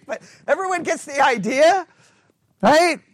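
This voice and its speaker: A middle-aged man teaching a Bible study class, chatty, asking the class questions and acting out sarcastic quotes in a low mumble. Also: lively intonation, slow, no echo, studio quality.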